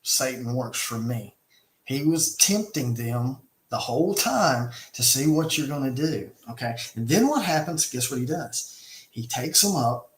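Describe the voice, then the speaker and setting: A man in casual conversation, retelling a film as an animated storyteller who talks with emphasis and often restarts his sentences. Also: medium pitch, unhurried. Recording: echoey room sound.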